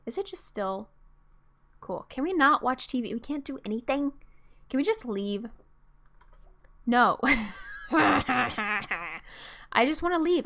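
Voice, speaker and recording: Young woman gamer, fairly high voice, bubbly and giggly, narrates play and talks to the characters. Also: fairly bright tone. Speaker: gameplay streamer. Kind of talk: casual let's-play commentary.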